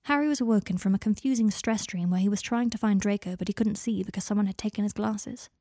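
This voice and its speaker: A woman reads a story aloud with an even, intimate manner. Her voice sits at a middle pitch and the recording is close and dry, with no room sound. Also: quick pace, no room sound. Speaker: narrator. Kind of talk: audiobook fan fiction reading.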